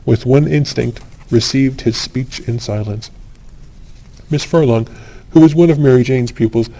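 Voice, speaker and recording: A man reads a classic story aloud for sleep, calm and unhurried. His voice is mellow and warm, at a middle pitch, and he keeps it even and steady. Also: rough recording. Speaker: audiobook narrator.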